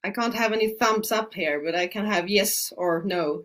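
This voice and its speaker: With a medium-pitched, fairly bright voice at a moderate pace, a middle-aged Ayurvedic practitioner hosts a casual webinar. She's from Sweden, a native Swedish speaker, and her talk is chatty and peppered with fillers.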